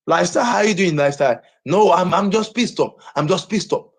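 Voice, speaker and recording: A Nigerian man on a livestream rants in a high, husky voice, repeating himself again and again. His pitch leaps wildly up and down as he keeps going, agitated and loud in delivery. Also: sing-song, a little fast. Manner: agitated, repeats phrases over and over. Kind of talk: ranting livestream chat.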